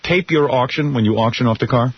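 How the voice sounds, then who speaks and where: A man's voice: medium pitch, quick pace, slightly rough. A man hosting a radio show, teasing his staff with a lot of laughter. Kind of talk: joking studio banter and live ad read. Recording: dull radio broadcast with faint hiss.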